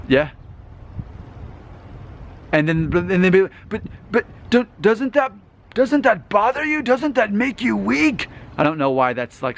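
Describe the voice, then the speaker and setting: A man's voice: mid-range voice, a bit bright, slight background noise. A man in his thirties vlogging in a casual, rambling, self-assured way, often restarting his sentences. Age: 30s. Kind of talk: casual talking-head vlog.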